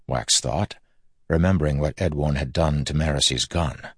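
A man narrating a fantasy audiobook in a measured, grave manner. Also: very deep voice, husky, dry recording, clean studio sound.

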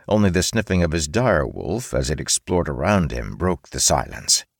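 A man narrating an audiobook in an expressive storytelling manner, recorded close on a studio mic. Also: deep voice, no echo. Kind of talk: scripted narration.

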